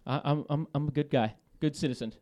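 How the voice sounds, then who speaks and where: A man calling in to a talk show, telling a story in a lively, laughing way, swearing and restarting his sentences. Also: a little high, fast. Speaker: caller. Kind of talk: casual storytelling.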